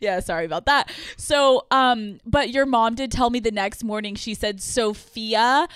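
Young woman, fairly high voice, teasing, jokey banter, dry close mic. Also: unhurried, fairly bright tone, smooth, no room sound. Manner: teasing, joking, laughs often. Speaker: podcast co-host. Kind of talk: casual chat, teasing banter.

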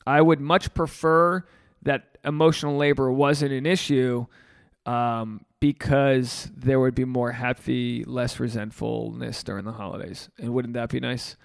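A man's voice: medium pitch, fairly even intonation, slow, creaky, no room sound, clean studio sound. A man hosting a solo podcast, rambling and joking with plenty of swearing. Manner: profane, rambling, jokey. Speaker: podcast host.

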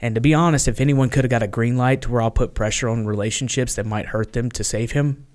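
A man speaking as a podcast guest, earnest and halting, often restarting his sentences, and sounding tired. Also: mid-range voice, steady tone, a little mellow. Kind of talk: candid conversation.

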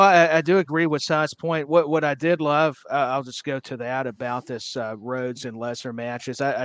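Dude co-hosting a wrestling pod, kinda high voice, rambly and excited, lots of uh and you know. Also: male voice, dry recording. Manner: rambling, enthusiastic, many fillers and repeats. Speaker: podcast co-host. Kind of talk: casual wrestling chat.

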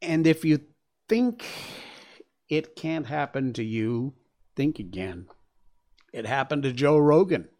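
A man's voice: on the high side, lively intonation, slow pace, pauses often, darkish tone. A man hosting a show, reading news stories aloud and reacting with chatty, exclaiming asides. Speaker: show host. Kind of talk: casual commentary on news stories.

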